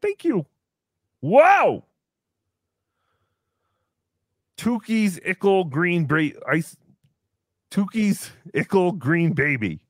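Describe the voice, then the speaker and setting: A man's voice: sits high, big pitch swings, slow, dry recording, studio quality, heavily acted. A man voicing a brash, boastful comic character who talks about himself in the third person while hosting a livestream. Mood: chatty. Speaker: show host character. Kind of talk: livestream comedy banter.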